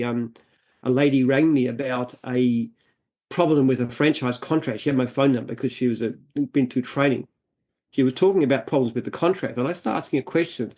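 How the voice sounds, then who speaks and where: An Australian man speaks as an interview guest, earnest and emphatic. He often repeats himself as he builds a point. His voice sits at a middle pitch. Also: darkish tone. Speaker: franchise founder, guest. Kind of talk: interview answers.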